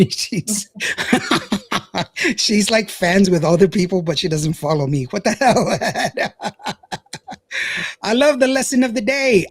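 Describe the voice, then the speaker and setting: A man's voice: on the high side, slightly rough, no echo. A man hosting a radio show, chatting casually, reading out viewer comments and laughing often. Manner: chatty, laughs often, stumbles over words.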